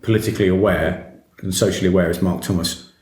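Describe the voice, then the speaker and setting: A man's voice: sits low, steady tone, quick pace, a little mellow. A man hosting a casual chat, nervous and jokey, often tripping over his words. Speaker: host. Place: cafe. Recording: echoey room.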